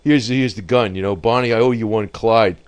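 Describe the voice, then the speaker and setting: A man's voice: fairly low pitch, a little fast, smooth. A man giving rambling, off-the-cuff commentary on markets and the economy, often breaking into laughter at his own remarks.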